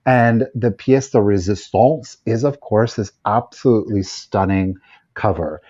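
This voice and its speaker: Man, low slow voice, mellow tone, live sale host, chatty and enthusiastic, dull lo-fi audio. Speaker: live auction seller.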